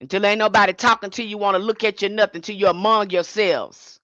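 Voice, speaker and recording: A woman's voice: mid-range voice, steady tone, a little fast, bright, forceful tone, dry recording, dull audio. A woman giving an impassioned livestream sermon as a spiritual teacher, speaking in a fiery, confrontational way and repeating her points.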